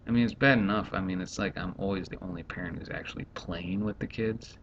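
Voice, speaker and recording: A man in his thirties, a stay-at-home dad, rambling and exasperated in a casual vlog monologue. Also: creaky. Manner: rambling, exasperated, quickly acts out others. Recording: dull lo-fi home recording, faint rumble.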